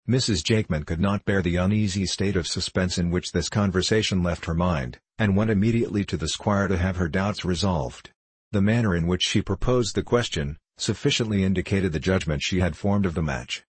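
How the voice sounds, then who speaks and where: A man narrating a classic novel in a measured, formal reading. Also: sits low, husky, no echo. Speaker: audiobook narrator.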